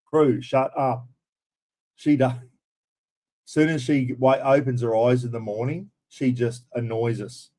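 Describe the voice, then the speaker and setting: A man's voice: mid-range voice, steady tone, unhurried, mellow. Australian male streamer, casual and blunt, mid-range voice, chats with his audience. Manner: blunt and chatty, mild swearing, addresses viewers as everyone and mate. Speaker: live stream host. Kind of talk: casual live-stream chat.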